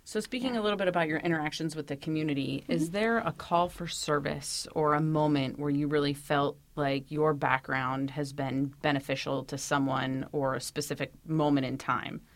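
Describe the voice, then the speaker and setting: A woman police sergeant asking interview questions in a brisk, plain way. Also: low voice, fairly even intonation.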